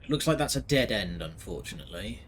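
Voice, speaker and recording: A man's voice: on the low side, expressive, fast, a bit bright, slight background noise. A man giving casual let's-play commentary, joking and sarcastic, swearing freely. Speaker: gaming video host.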